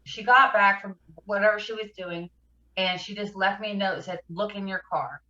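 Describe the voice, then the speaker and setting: Woman guest, emotional recovery story, bright tense voice, lo-fi sound. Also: medium pitch, steady tone, roomy sound. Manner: halting, emotional, fighting back tears. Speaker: podcast guest. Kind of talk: personal recovery story in an interview.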